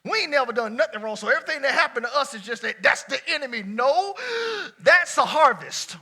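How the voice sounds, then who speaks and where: Bright, high-voiced preaching man. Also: brisk. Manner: lively colloquial preaching, swinging between shouts and near-quiet asides. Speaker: pastor. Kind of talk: sermon. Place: church before a congregation.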